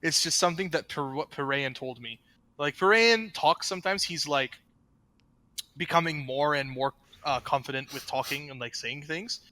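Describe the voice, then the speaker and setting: A man who coaches an esports team, a guest on a casual podcast, joking and sarcastic and getting animated as he rants. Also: a little high, normal speed, no room sound.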